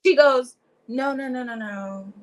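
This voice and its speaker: A young woman from Louisiana who grew up in Atlanta talks through an interview in a relaxed, chatty way. Her voice sits a little high, and she keeps slipping into quoted asides and easy laughter. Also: unhurried, poor audio. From Louisiana, raised in Atlanta. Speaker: actress, interview guest. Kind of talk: casual interview chat.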